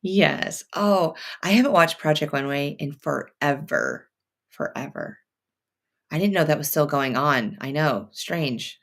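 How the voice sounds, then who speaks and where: Low, gravelly-voiced woman chatting. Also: animated, measured pace, hardly any pauses. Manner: chatty, reads viewer comments aloud while sewing; thinks out loud, many fillers and restarts. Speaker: sewing live-stream host. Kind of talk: casual live-stream chat.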